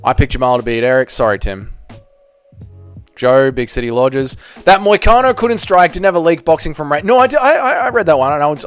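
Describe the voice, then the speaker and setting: A man's voice: on the high side, expressive, brisk, clear, resonant tone, dry recording, soft background music. A young man hosting a casual livestream, reading chat comments aloud with profane, self-mocking banter. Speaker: livestream host.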